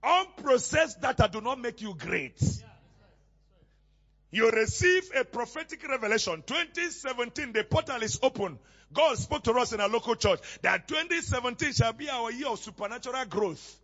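High, lively-voiced male preacher. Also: moderate pace, breathy edge, dull audio. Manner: preaching, questions the congregation and has them fill in words; rising to shouts at times. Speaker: pastor. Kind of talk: sermon with call-and-response.

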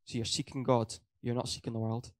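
A man's voice: mid-range voice, flat delivery, a little fast, a little mellow. A young man preaching a sermon in a church hall, earnest, hammering his points home by repeating them and correcting his own slips.

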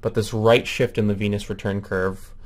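A man's voice: lowish voice, flat delivery, normal speed. A man giving a recorded medical lecture, explaining step by step with frequent ums and self-corrections.

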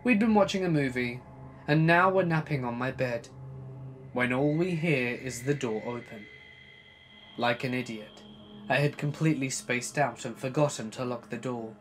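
A man reading a scary true story as a narrator, dramatic, swinging between loud bursts and hushed asides. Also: mid-range voice, normal speed, faint music behind. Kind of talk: scripted horror story narration.

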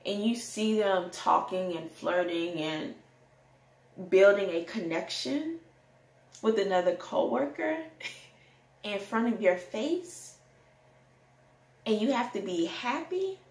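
A young adult woman telling a candid personal story in a rant, animated and sometimes breaking into song. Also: medium pitch, takes it slowly, long pauses. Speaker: vlogger. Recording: echoey room.

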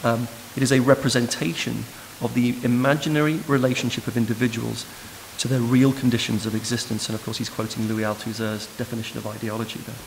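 A man giving an academic lecture in a measured, thoughtful way, recorded in a lecture room. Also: mid-range voice, flat delivery, gravelly. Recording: noisy hiss in a reverberant hall.

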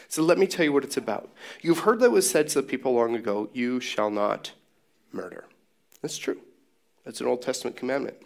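A man's voice: medium pitch, vocal fry. A man preaching a sermon in a casual, joking way with sarcastic asides. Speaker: pastor.

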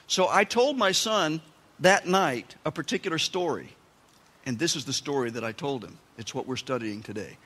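A pastor preaching a sermon, telling the story with animated asides and dramatic emphasis. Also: male voice, fairly high pitch, moderate pace, husky. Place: church sanctuary. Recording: long church-hall reverb.

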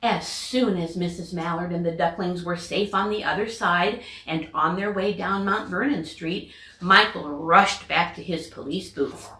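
A woman teacher reading a children's storybook aloud with expressive, lively character voices. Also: lowish voice, measured pace, reverberant.

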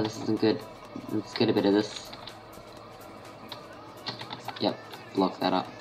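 A man with an Australian accent giving casual gameplay commentary, thinking aloud and muttering half-finished sentences to himself. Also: lowish voice. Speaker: gaming channel host.

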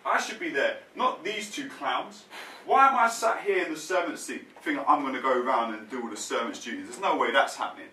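A man's voice: medium pitch, lively intonation, fairly quick, bright, forceful tone, recorded from a distance, slight background noise. A man acting out an exasperated apostle Peter during a sermon. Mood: indignant. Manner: exasperated, complaining. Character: frustrated apostle Peter, an indignant grown man. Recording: roomy sound, mic set back from speaker.

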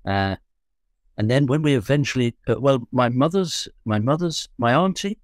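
This London man in his seventies, a guest musician, reminisces about his youth in a relaxed, rambling way, correcting himself and cracking jokes. His medium-pitched voice is expressive and moves at a normal speed. There's slight background noise.

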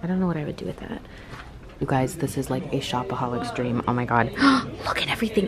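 A woman hosting an excited travel vlog, bubbly and gasping, sometimes dropping into hushed whispers, talking in a hotel room and then at outdoor markets. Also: deep voice, brisk, a crowd in the background. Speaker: vlog host. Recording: background music under voice.

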